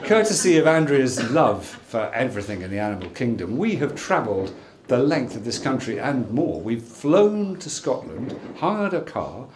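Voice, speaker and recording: A man in his sixties giving a jokey wedding speech as the groom, telling stories with lively timing. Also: medium pitch, moderate pace, noisy background. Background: laughing wedding crowd.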